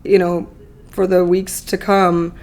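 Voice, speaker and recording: A woman's voice: lowish voice, flat delivery, slow pace, darkish tone. A woman in her thirties, a podcast guest, telling a personal story candidly in a chatty, emotional way full of fillers.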